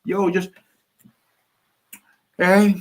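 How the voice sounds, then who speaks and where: A man's voice: sits high, completely flat delivery, extremely slow, voice pushed up. A man putting on the voice of a brash older politician, crude and swaggering in his threats. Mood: swaggering orders.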